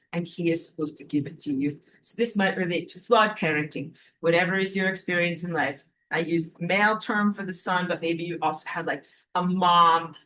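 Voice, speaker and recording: A woman talking alone to camera, telling a personal story and acting out quotes loudly. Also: fairly low pitch. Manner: animated, acts out quotes in a raised voice. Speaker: online teacher. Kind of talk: casual monologue to camera.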